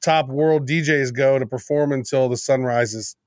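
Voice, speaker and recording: A man's voice: medium pitch, moderate pace, darkish tone, no room sound, clean studio sound. A man guesting on a casual podcast, teasing and rambling as he talks. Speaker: podcast co-host. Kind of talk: casual interview chat.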